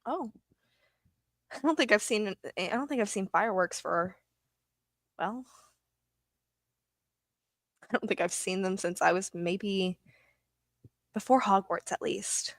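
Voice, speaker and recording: A woman's voice: medium pitch, slow, long pauses, no room sound. Thoughtful woman player, dry sound. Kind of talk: tabletop role-play chat.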